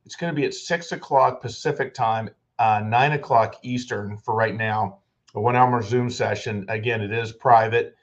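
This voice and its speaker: The American host of a video-call podcast interview speaks at a moderate pace with medium pitch and a steady tone. He rambles and restarts often, and the recording sounds dull and lo-fi.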